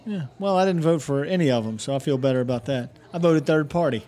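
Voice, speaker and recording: A man's voice: fairly high pitch, fast talker, warm tone. A man co-hosting a comedy podcast, talking crudely and swearing often in casual banter. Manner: crude, heavy swearing, joking. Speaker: podcast co-host.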